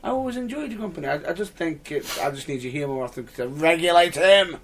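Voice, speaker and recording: A man's voice: fairly high pitch, lively intonation, fast, far from the mic, slight background noise. A man hosting a podcast, teasing and interjecting in casual chat. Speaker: podcast host.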